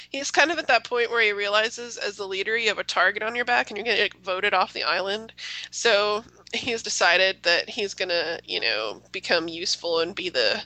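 A woman's voice: mid-range voice, sharp tone, no room sound, low-quality recording. A woman co-hosting a casual chat show, with wry, sarcastic remarks. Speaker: podcast co-host.

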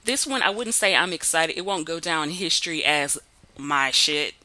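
A Southern woman hosting a podcast, chatting casually about movies with easy laughter. Her voice sits a little low but rings bright and forward. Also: moderate pace, no room sound. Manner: laughs often, relaxed and chatty. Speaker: podcast host. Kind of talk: casual film review chat.

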